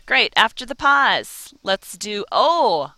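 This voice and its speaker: A woman's voice: a little high, sing-song, takes it slowly, pushed and bright, no echo. A woman teaching a Spanish lesson, encouraging and carefully over-articulating each vowel. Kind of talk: slow, clear language lesson.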